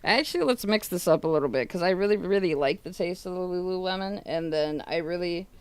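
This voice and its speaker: A woman's voice: lowish voice, brisk, smooth. A woman streamer chatting casually on a livestream, swearing a lot and retelling what family and chat said. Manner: laughing, swearing, retelling chats with friends and family. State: coughing.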